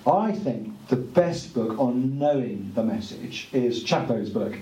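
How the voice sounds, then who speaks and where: A man giving an earnest, conversational speech at a book launch, pausing with fillers. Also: medium pitch, animated, dark tone. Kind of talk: informal speech to an audience. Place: room at a book launch event. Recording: echoey room, distant mic, faint ambience.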